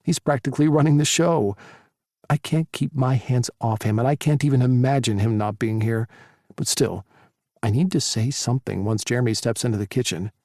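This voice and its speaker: A male narrator telling a first-person romance audiobook in a steady, even storytelling voice. His tone has a gravelly rasp at the edges, recorded close and dry on a studio mic. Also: mid-range voice, moderate pace, no echo.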